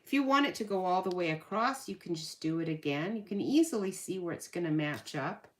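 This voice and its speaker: A woman's voice: lowish voice, expressive, fairly quick. A woman hosting a card-making tutorial, chatting casually and thinking aloud as she works at her craft table. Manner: chatty, thinks aloud, self-correcting, laughs at herself. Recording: loud background noise.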